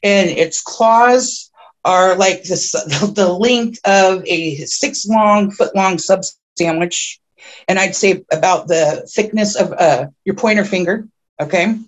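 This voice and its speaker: A woman guest on a podcast, telling a long personal story in a rambling way with many restarts, who gets excited at the tense parts. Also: takes it slowly. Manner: grows excited and high-pitched when telling the tense parts. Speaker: podcast guest, self-described oracle.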